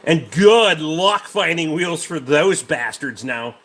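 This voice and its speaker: A man's voice: fairly high pitch, animated, slow, fairly bright tone. A man hosting a casual livestream, a mechanic rambling about truck parts and swearing freely while answering chat.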